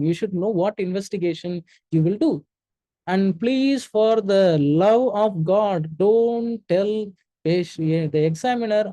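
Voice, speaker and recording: An emphatic man lectures with a mellow, soft-edged tone. He talks straight at his listeners, repeats his warnings and keeps checking they follow. The sound is dry and close, with no room around it. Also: high voice, no echo. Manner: emphatic, direct, checks in with "okay?" and "all right?"; repeats key warnings for stress. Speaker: medical exam tutor. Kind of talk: spoken lecture.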